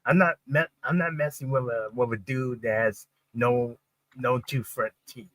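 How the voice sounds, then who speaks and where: A man co-hosting a casual podcast, stammering and repeating his words as he gets excited. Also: medium pitch, normal speed, no echo, low-quality recording. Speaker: podcast co-host. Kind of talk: casual watch-party chat.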